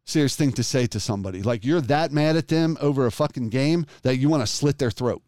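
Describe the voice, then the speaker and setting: Profane, animated man telling stories. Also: mid-range voice, a little fast, no echo, clean studio sound. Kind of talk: casual storytelling chat.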